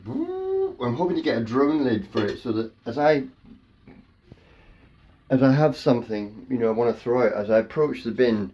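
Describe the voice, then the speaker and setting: A man's voice: mid-range voice, dark tone. A man rambling through silly improvised wordplay at home as a comedian, his mouth a bit dry. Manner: playful, silly wordplay, slips into daft voices.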